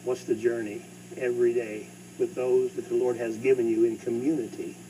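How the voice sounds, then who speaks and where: A middle-aged man preaching a sermon as pastor, swinging between loud bursts and hushed asides. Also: mid-range voice, flat delivery, normal speed. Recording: distant mic with faint hum.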